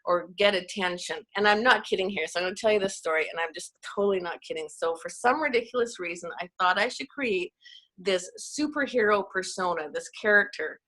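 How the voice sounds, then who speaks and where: A chatty Canadian woman who coaches network marketing pokes fun at herself in stories shared during a relaxed video call. She talks a little fast, with a bright, forceful medium-pitched voice.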